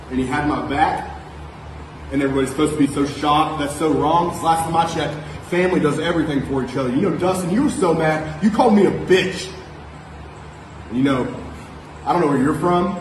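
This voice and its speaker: A man cutting a taunting, profane wrestling promo that builds to shouts. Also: fairly high pitch. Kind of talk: trash-talking wrestling promo. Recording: echoey room, faint noise.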